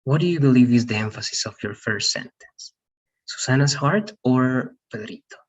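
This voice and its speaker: A man's voice: medium pitch, lively intonation, normal speed, muffled recording. A man teaching an English grammar class online, patiently explaining and checking understanding with his students. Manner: patient, repeats "all right?" to check understanding.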